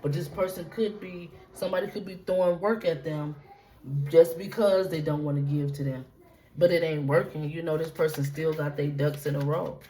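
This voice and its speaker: A woman's voice: sits low, steady tone, moderate pace, warm tone, low-quality recording. A woman giving a casual tarot reading, talking straight to her viewers in a loose, repetitive, profane way. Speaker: tarot reader.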